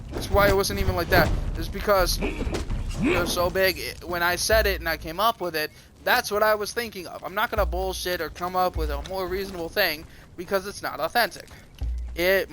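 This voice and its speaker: A streamer telling a crude, rambling, self-mocking comic story. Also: male voice, high-pitched, background noise.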